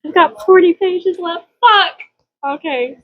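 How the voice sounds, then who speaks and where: A woman's voice: very high voice, takes it slowly, narrow, tinny audio. A woman talking casually in a book vlog, gushing and emotional, and reading passages aloud. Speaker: book vlogger.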